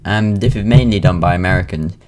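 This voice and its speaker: A low, darkish voice talks a little quickly here, belonging to a Welsh teenager in his late teens with a British accent. He's vlogging casually at home, rambling along with frequent ums and restarts.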